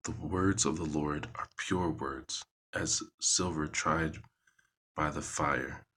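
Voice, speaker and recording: A man reading scripture aloud in a halting way, correcting himself as he goes and adding casual comments. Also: rumbling low, fairly even intonation, bright, forceful tone, a little hiss or hum. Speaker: Bible reader.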